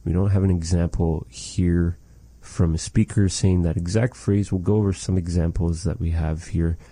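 A man teaching a language lesson, slowly and patiently repeating words for a learner. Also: sits low, fairly even intonation, mellow, slightly rough, no room sound, poor audio.

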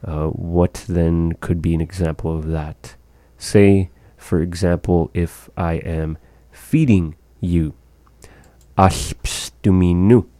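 A man teaching a language lesson, repeating each phrase slowly and carefully for learners. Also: low-pitched, fairly even intonation, warm tone, no echo.

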